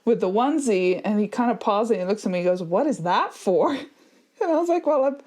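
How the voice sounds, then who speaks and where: A woman in her thirties, a podcast co-host telling stories in casual chat, animated, laughing often with quick asides. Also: mid-range voice.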